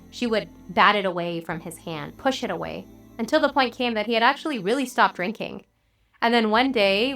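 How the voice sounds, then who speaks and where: A woman religious teacher telling a story in a sermon, earnest and measured, with dramatic pauses. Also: mid-range voice, a bit bright.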